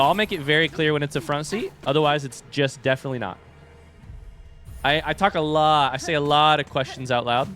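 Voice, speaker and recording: A man from the US East Coast streaming a game live, thinking out loud and reacting excitably. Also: on the high side. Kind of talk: live gameplay commentary.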